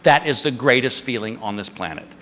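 A man's voice: mid-range voice, lively intonation, a little fast, bright, forceful tone, slight background noise. A male stand-up comedian in his fifties spins a long story on stage and slips into the voices of the people he quotes. His voice rings out with the long reverb of a large theater, and a faint room ambience sits behind it. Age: 50s.

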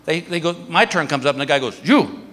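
A middle-aged man doing stand-up, telling a story in an animated way and acting out other people's voices. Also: a little fast. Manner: animated, acts out other voices with big pitch jumps. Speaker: stand-up comedian. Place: stage in a large hall. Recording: live hall recording with faint room ambience.

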